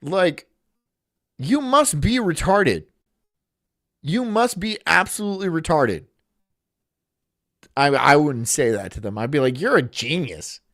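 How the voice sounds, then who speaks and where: A man's voice: a little high, sing-song, takes it slowly, long pauses, fairly bright tone, no room sound, studio quality. A man streaming and reacting casually, rambling in a sarcastic way and laughing often.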